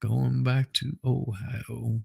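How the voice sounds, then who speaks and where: A man's voice: mid-range voice, little pitch movement, slow pace, vocal fry, warm tone, slightly rough. A man hosting a casual livestream, chatting and greeting viewers one by one with frequent restarts. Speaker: livestream host. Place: home, indoors.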